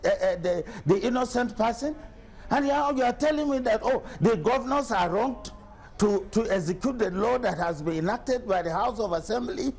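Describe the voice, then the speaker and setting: A middle-aged man from Nigeria speaks as a state governor in a televised interview. His voice sits high for a man and carries a gravelly rasp. He argues forcefully, answering criticism with pointed rhetorical questions. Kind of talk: TV news interview.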